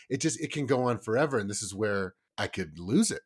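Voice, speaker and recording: Lively lower-voiced man, casual podcast dad. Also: a little fast, hardly any pauses, slightly rough. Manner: lively storyteller, acts out kids' voices, swears casually. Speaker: podcast co-host, parent. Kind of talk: casual chat.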